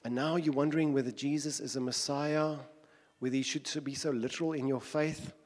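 A man's voice: on the high side, fairly even intonation, a little fast, darkish tone, in a large hall. A man preaching a sermon in an earnest tone, repeating his phrases and building with rhetorical questions.

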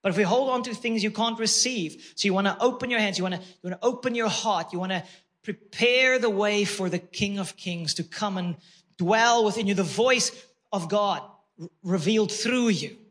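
A man's voice: high voice, normal speed, a bit bright. A man preaching a sermon with emphatic, repeated phrases and words he stretches out for weight. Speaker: pastor.

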